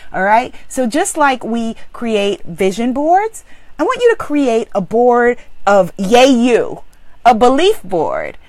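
In a dry recording, a female spiritual business coach preaches motivation emphatically, alternating loud exclamations with low, intense affirmations.

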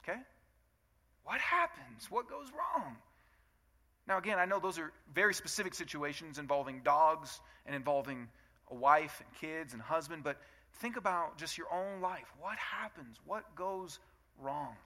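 A man in his thirties preaches with a bright, forceful voice, sitting a little above the usual male pitch. He talks to the congregation like a friend, firing off rhetorical questions and acting out both sides of arguments between spouses. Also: moderate pace. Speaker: pastor. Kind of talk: sermon.

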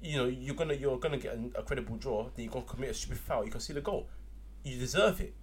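A man, co-hosting a casual football podcast, opinionated and quick to laugh. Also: medium pitch, breathy edge. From Ghana. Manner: animated, opinionated, laughs readily. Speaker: podcast co-host.

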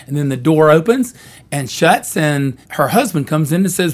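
A man's voice: a little high, expressive, moderate pace. Wry older man telling a story. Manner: wry, easygoing, self-deprecating. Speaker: jingle writer recounting his career. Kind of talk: storytelling reminiscence.

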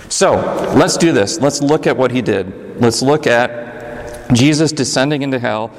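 A man preaching a sermon, swinging between high urgent passages and low intimate ones. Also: a little slow. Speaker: pastor. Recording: echoey hall reverb.

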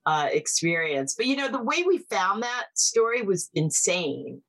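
A woman's voice: medium pitch, measured pace, rough recording. Chatty woman filmmaker telling stories. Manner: animated, chatty, lots of "like". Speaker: filmmaker guest. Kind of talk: casual storytelling.

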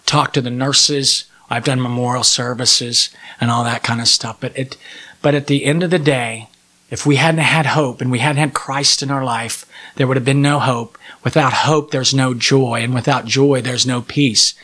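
A man's voice: medium pitch, steady tone, moderate pace, sharp tone. A man in his forties, sharing a heartfelt personal testimony as a podcast guest, earnest and emotional, with frequent restarts.

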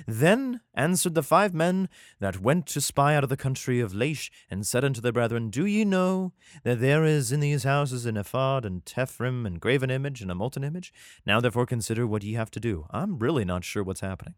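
A man's voice: medium pitch, expressive, brisk, no room sound, studio quality. A man reading scripture aloud and breaking in with irreverent, sarcastic, profane comedic remarks.

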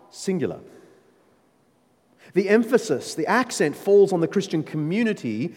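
A man preaching a sermon, emphatic and animated, with playful asides to his listeners. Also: high voice, moderate pace, pauses often, husky. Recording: long reverb of a large hall.

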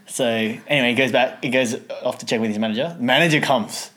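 A man's voice: mid-range voice, fast, few pauses. Man telling a story with a laugh. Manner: animated, laughing while telling anecdotes. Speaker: podcast co-host. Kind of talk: casual storytelling chat.

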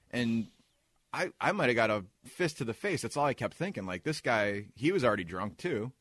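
A man's voice: mid-range voice, expressive, moderate pace, fairly bright tone, dry recording. A man co-hosting a podcast, telling a rambling story in casual banter and laughing often. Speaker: podcast co-host.

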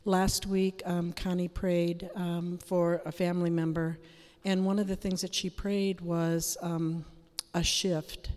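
A woman sharing earnestly at a prayer meeting and pausing often on ums. Her voice sits on the low side. The room adds a long, echoing reverb. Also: little pitch movement, darkish tone. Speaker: prayer group member.

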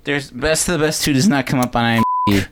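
A man's voice: medium pitch, quick pace, background noise. A man co-hosting a casual movie podcast, chatty and jokey as he recaps the plot. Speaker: podcast co-host.

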